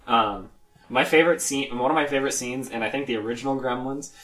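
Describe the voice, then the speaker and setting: A man co-hosting a casual chat, halting and filling pauses while he recalls things. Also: medium pitch, fairly bright tone, poor audio. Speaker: podcast co-host.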